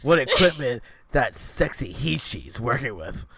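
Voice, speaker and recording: A man voicing a brash, vain, hot-tempered bear that talks loudly and sassily. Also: medium pitch, big pitch swings, a little slow, gravelly, husky, full character voice. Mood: boastful. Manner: loud, brassy, sassy.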